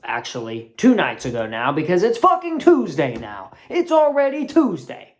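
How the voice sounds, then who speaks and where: A woman's voice: huge pitch swings, normal speed, a little mellow. Fired-up woman ranting about sports. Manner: profane, fired-up ranting with big swings in pitch. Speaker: sports channel host. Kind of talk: ranting sports commentary vlog.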